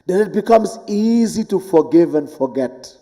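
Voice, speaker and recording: A man giving a devotional lecture as a spiritual teacher in a temple hall. He speaks deliberately, swinging from high, emphatic lines to quiet ones and chanting Sanskrit verses. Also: expressive. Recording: long hall reverb.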